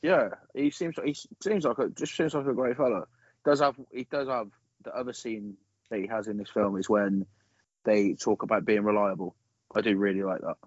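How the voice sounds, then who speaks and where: A man chatting about a film on a podcast, incredulous and animated, swearing casually. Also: on the low side, moderate pace, slightly rough, dry recording, dull audio.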